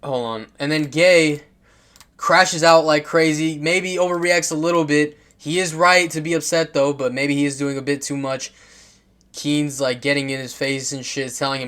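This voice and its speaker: A man's voice: medium pitch, fairly even intonation, moderate pace, a bit bright, clear, resonant tone. A man casually commenting on football clips, rambling and swearing, with lots of fillers, restarts and laughs.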